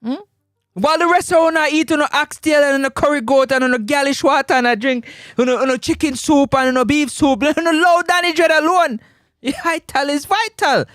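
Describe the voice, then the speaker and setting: A man's voice: very high-pitched, a little fast, a bit bright, dry recording, studio quality. A man with a Jamaican accent hosting a live sports talk stream, teasing viewers playfully and laughing often.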